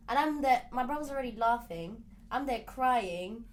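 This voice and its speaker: A young woman who grew up in Ireland, chatting casually and telling an animated story about her family. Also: a little high, fairly quick, slight background noise. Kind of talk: casual chat.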